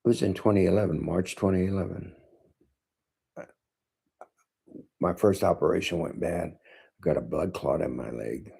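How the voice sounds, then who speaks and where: A man in his seventies, a martial arts teacher, giving a slow, thoughtful monologue to camera with frequent pauses. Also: low voice, gravelly, mellow, husky. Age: 70s. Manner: slow, thoughtful, pausing often.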